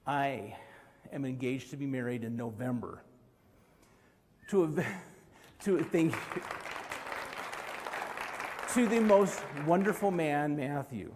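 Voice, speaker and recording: A man's voice: fairly high pitch, darkish tone. Earnest man speaking in a big hall. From Utah, USA. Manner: earnest, storytelling, with light laughs and fillers. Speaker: organization president giving a conference speech. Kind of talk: live conference speech. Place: large convention hall. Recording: long hall reverb.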